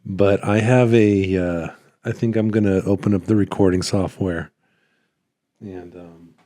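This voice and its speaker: A man vlogging about his small business in a rambling, relaxed way, his voice a little worn. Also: deep voice, unhurried, no echo, studio quality. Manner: rambling, relaxed, lots of fillers and restarts. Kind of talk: casual talking-head vlog. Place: at home by his computer. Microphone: phone.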